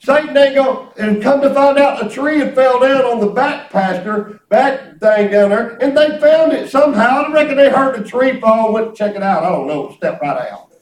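A man preaching a storytelling sermon, animated and exclamatory, often breaking into laughter. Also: extremely high pitch, moderate pace, few pauses. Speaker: pastor. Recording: roomy hall, mic at a distance.

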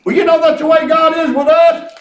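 A man's voice: very high-pitched, little pitch movement, fairly quick. An older man preaching a folksy sermon, telling family stories with chuckles and quoting his grandkids. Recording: echoey room picked up from a distance.

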